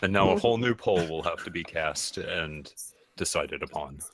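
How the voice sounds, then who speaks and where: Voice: sits low, expressive, moderate pace. A speaker pleading in casual, mock-dramatic banter.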